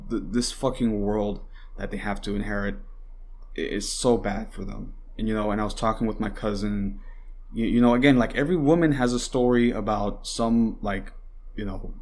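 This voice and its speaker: A young man hosting a podcast, ranting with heavy swearing and constant fillers, at times mocking his opponents. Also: lowish voice. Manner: heated and rambling, swears often, many fillers; mocks opponents in put-on voices. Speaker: podcast host. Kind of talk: casual political commentary.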